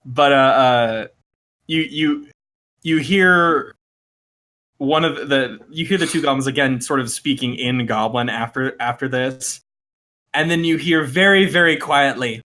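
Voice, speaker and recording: Bright-voiced game master, halting and laughing. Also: male voice, medium pitch. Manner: halting, many fillers and restarts, laughing often. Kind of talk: narrating a tabletop game.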